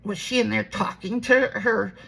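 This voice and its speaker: A woman's voice: medium pitch, steady tone, moderate pace, creaky, bright, forceful tone, husky, exaggerated voice. A woman quoting her exasperated, defensive mother in a complaining tone.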